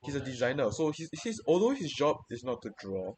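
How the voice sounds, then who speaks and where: A man's voice: medium pitch, big pitch swings, fairly quick, a little mellow. A young man venting in casual chat, swearing freely and rambling through many restarts and repeated words.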